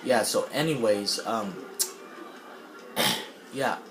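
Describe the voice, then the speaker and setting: A man's voice: fairly low pitch, animated, very slow, a bit bright, slight background noise. A man casually rambling through a story while playing a game, full of fillers and restarts. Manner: rambling, many fillers and restarts, clears throat. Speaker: gamer retelling a film plot. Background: game music.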